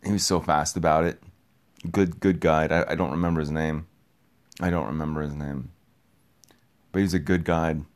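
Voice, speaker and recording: A young man with a very low voice talks to his listeners in a loose, rambling monologue. He circles back and repeats phrases and gets excited as he goes. His casual swearing keeps it offhand and personal. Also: normal speed, pauses often. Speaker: podcast host.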